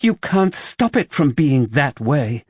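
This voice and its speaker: A woman's voice: low-pitched, sing-song, slow, a little mellow, slightly rough, dry recording, pitched above the performer's own voice, exaggerated voice. A man voicing a proud, wary young widow who works as a paid companion, speaking tensely and defensively in an audiobook.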